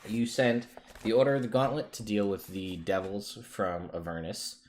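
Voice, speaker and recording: A man running a tabletop game as game master, measured, reading out a list step by step. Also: lowish voice, steady tone, a little mellow, a little hiss or hum.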